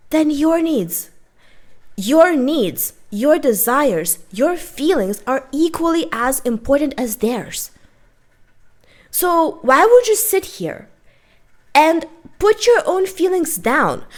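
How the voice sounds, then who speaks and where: Woman vlogger, slightly high voice, emphatic off-the-cuff rant, keeps asking "okay?". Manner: emphatic, repeatedly checking in with "okay?". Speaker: art vlogger. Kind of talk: casual rant to camera.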